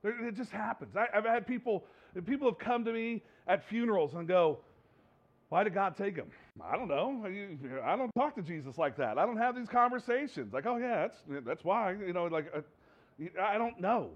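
A man's voice: high voice, animated, normal speed, highs cut off. A man preaching a sermon to his congregation in a conversational way, often repeating and restarting his words. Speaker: pastor. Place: church sanctuary with congregation.

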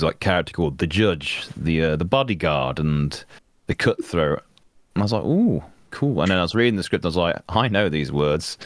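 A man being interviewed as a voice actor, chatting casually in an excitable, rambling way with many restarts. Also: low-pitched, no echo, clean studio sound. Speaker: voice actor guest.

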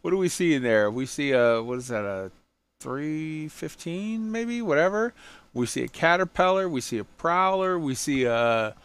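A man's voice: on the high side, expressive, normal speed, smooth. A man hosting a casual gaming podcast, tired and jokey, swearing freely as he runs through the week's news. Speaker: podcast host.

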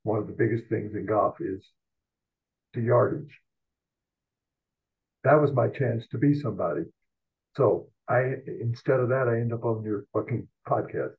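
An older man, a sports columnist guest on a podcast, telling rambling, salty, self-mocking stories in an animated way. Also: mid-range voice, normal speed, long pauses, breathy edge. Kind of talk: rambling anecdotal storytelling. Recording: tinny phone-like line.

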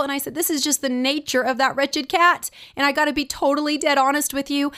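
A middle-aged woman preaching, telling a family story dramatically with slow, drawn-out suspense. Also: sits high, fairly bright tone. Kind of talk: sermon with a personal story.

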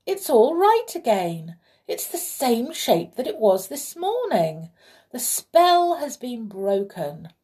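A woman voicing a vain, frightened king, in a high, anxious, pleading manner. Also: animated, normal speed, dark tone, natural voice.

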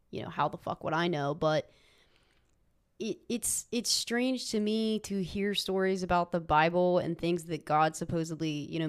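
A woman's voice: fairly low pitch, clean tone. A woman from the United States giving frank, opinionated views in casual chat, swearing now and then.

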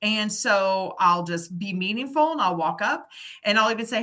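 A middle-aged woman in casual chat, telling an animated story and acting out the people she quotes. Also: medium pitch, normal speed.

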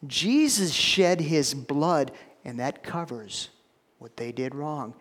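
A man preaching a sermon to a congregation, swinging between hushed, slow lines and loud, emphatic ones. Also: mid-range voice. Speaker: pastor. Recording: long hall reverb.

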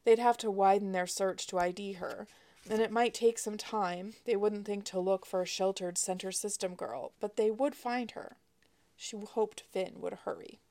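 Author-narrator, woman, wry expressive audiobook reading. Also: medium pitch, moderate pace.

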